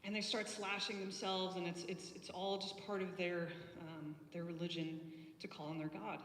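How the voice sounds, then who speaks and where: A woman with a lowish voice delivering a chatty, storytelling sermon, full of ums and false starts. She sounds a little distant from the mic, and her voice rings through a reverberant church hall with a faint hiss behind it. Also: level tone, normal speed, a bit bright. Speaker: preacher. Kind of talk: conversational sermon.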